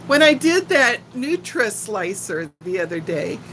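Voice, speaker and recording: A woman's voice: mid-range voice, lively intonation, measured pace, few pauses, fairly bright tone, slight background noise, rough recording. Older lady from texas, faint texan twang, giggly livestream chat, takes her sweet time. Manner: chatty, giggly, talks straight to viewers. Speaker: livestream host chatting with viewers. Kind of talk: casual live chat.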